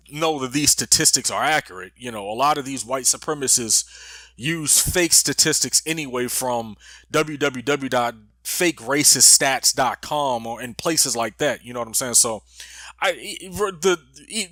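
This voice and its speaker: A man's voice: mid-range voice, pushed and bright, no echo. A man hosting a commentary video, talking casually and sarcastically with frequent restarts.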